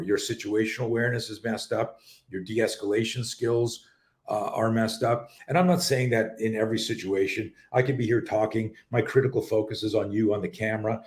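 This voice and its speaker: A medium-pitched man's voice echoes in the room of his home office. The middle-aged Canadian, a self-defense coach, hosts a live talk show full of animated, rambling stories and casual swearing.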